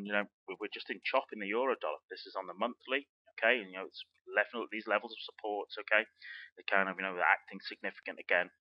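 A man with a very low voice talks quickly as he walks through trading charts. He rambles, checking in with "okay?" and "you know" as he goes. The recording is dull and dry. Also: no room sound. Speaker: forex trading educator. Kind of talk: chart analysis walkthrough.

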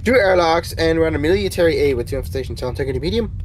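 A man in casual gaming chat with a slightly high, very lively voice. He jokes freely and turns insistent when he calls out where to go. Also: slight background noise, rough recording. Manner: excitable, jokey, shouts quick directions. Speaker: co-op game player announcing the daily challenge.

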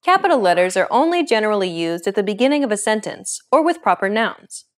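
A woman hosting a language lesson, reading a script with a clear, upbeat teacher's delivery. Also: mid-range voice, very animated, fast.

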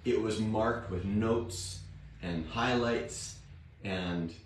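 A man hosting a devotional Bible reading, talking in a homely, plain-spoken way with a slightly rough morning voice. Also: lowish voice, drawn-out words, slight background noise. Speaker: devotional host and Bible reader. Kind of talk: slow, unhurried devotional talk. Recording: very echoey room, distant mic, faint guitar.

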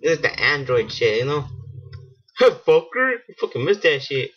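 A man giving casual let's-play commentary, excitable and swearing, laughing at himself. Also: on the high side, normal speed, husky. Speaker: gaming channel host. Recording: dull lo-fi home mic.

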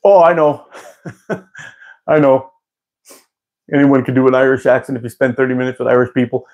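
A man's voice: medium pitch, steady tone, moderate pace, muffled recording. Chatty man hosting a live stream. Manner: chatty and rambling, frequent laughs and restarts. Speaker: live-stream host answering chat. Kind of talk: casual live-stream chat.

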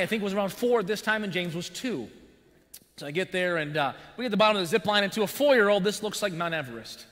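A man preaching a sermon as pastor, telling a personal story in an animated way with buzzing sound effects. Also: high voice. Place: church sanctuary. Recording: long church-hall reverb.

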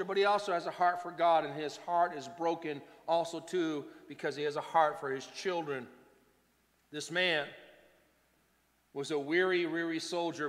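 A pastor delivering a sermon, his delivery swinging between hushed and loud. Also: a little high, in a large hall. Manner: preaching with wide swings between soft and loud.

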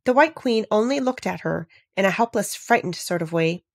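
A woman reading a children's classic aloud in a measured, even storytelling manner, close to the microphone. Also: medium pitch, slightly rough, dry recording. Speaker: narrator. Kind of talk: audiobook narration.

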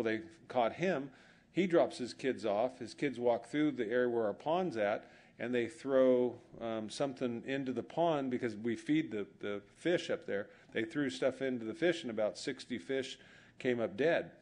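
A man's voice: medium pitch, a little mellow. Joking storyteller man preaching. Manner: storytelling with humor, acts out quoted dialogue. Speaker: pastor. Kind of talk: sermon.

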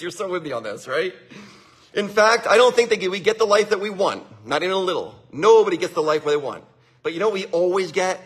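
A man hosting a motivational livestream, energetic and laughing often as he greets viewers by name. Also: high voice, breathy edge. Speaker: winery livestream host. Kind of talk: upbeat motivational livestream talk.

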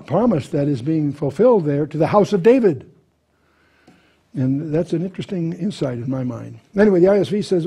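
A man's voice: on the high side, warm tone, slightly rough. A man teaching verse by verse through a Bible passage, reading scripture aloud with lifted emphasis and explaining it conversationally with frequent restarts. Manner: restarts and repeats words while thinking.

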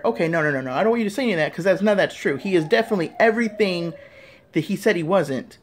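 A man's voice: high-pitched, lively intonation, racing. Man ranting and scolding with profanity. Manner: profane, heated, repetitive, scolding. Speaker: vlogger. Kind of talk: angry political rant to camera.

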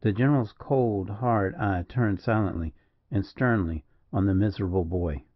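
A man giving a measured, dramatic audiobook narration. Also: on the low side, narrow, tinny audio. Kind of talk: scripted narration.

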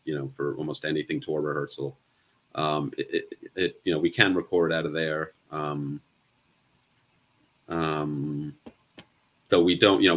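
A man chatting casually as a guest, speaking haltingly with many ums and restarts. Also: very deep voice, a bit bright, breathy edge. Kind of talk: casual chat.

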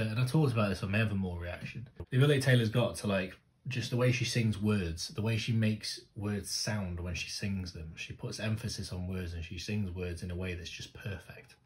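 A man with a fairly low voice reacts to music videos in loose, casual commentary. He gets excitable, swears freely and keeps talking straight to the screen.

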